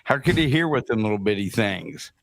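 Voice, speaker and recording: A man's voice: lowish voice, very animated, fairly quick, gravelly. A man on a podcast making crude jokes in casual chat.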